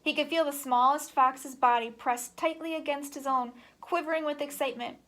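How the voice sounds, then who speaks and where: A woman reading a children's book aloud in an animated, expressive way. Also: sits high, moderate pace. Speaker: storybook reader.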